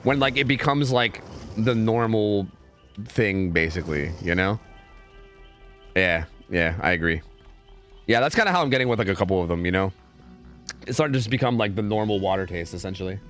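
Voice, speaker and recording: A man casting game scrims on a live stream in a casual, chatty way, often repeating words in quick bursts. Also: on the low side, lively intonation, fairly bright tone, soft background music.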